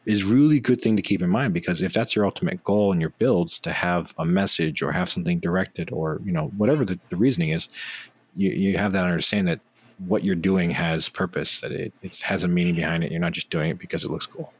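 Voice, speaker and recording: A man's voice: deep voice, fast, slightly rough, no echo. A man co-hosting a podcast, talking in a rambling, joking way with many fillers. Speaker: podcast co-host. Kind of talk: casual podcast chat.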